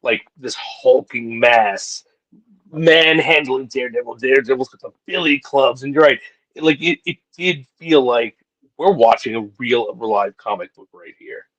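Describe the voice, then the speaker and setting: A man's voice: medium pitch, a little slow, fairly bright tone, poor audio. A man co-hosting a podcast, agreeing and musing in casual chat about a TV series. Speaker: podcast co-host.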